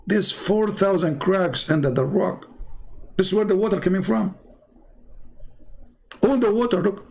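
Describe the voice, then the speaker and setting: Gravelly, husky man mocking while drawing. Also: high-pitched, a little mellow. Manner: sarcastic, halting, many fillers and restarts. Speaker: commentator.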